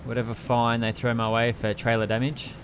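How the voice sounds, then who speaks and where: A man's voice: medium pitch, flat delivery, brisk, slight background noise. A young man casually commentating his trucking game, chatty and swearing often as he talks to himself. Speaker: let's play gamer.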